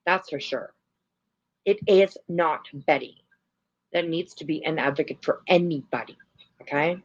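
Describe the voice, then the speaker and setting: A woman with a low voice speaks at a measured pace while hosting a casual livestream. She rambles, using plenty of fillers and the odd swear, as she comments and reacts, and the stream audio is lo-fi.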